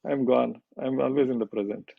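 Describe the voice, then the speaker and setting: Gravelly raspy guy telling jokey life stories, dry dull lo-fi sound. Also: mid-range voice, fairly even intonation, brisk, dry recording. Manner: reflective, jokey storytelling. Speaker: guest speaker. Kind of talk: conversational Q&A.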